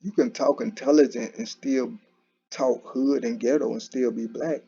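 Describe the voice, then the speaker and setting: A man with a gravelly, husky voice talks through his views in a loose, unscripted monologue. His tone is dark and mellow, and he often restarts his sentences. The sound is dull and lo-fi. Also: medium pitch, steady tone, normal speed. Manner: conversational, repetitive, with frequent restarts and "you know". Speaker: commentary channel host. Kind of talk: casual solo commentary. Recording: dull lo-fi recording.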